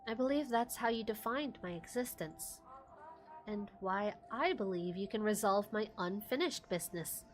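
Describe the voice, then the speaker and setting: A woman's voice: medium pitch, lively intonation, moderate pace, soft background music, voice pushed down, natural voice. Woman voicing a mournful ghost mother. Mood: wistful. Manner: soft, mournful, pleading. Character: grieving ghost mother, fading memories.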